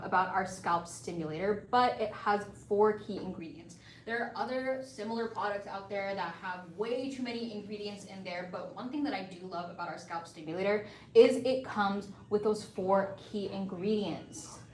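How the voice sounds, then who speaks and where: A woman hosting a live shopping stream, chatting upbeat and casual with viewers as she pitches hair-care bundles. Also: distant mic, a little hiss or hum. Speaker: livestream seller. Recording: echoey room, voice a bit off-mic, faint ambience.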